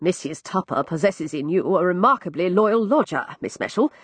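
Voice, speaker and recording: A woman voicing a polished aristocratic gentleman with dry humour and courteous manners. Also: fairly low pitch, animated, normal speed, husky, no echo.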